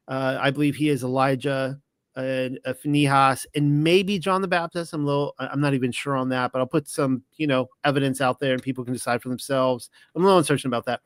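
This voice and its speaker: A man's voice: mid-range voice, clean tone, no room sound. A man hosting a podcast, talking in a casual, rambling monologue with many restarts and self-corrections. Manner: retells stories with lively quoted dialogue. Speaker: podcast host.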